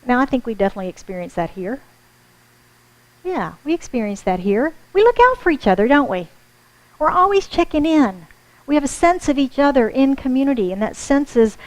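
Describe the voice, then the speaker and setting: Her high voice has a sing-song lilt and moves fairly quickly as this American woman minister preaches in a church sanctuary. She addresses her congregation in a friendly, conversational way, warmly tossing out audience asides. The recording is rough.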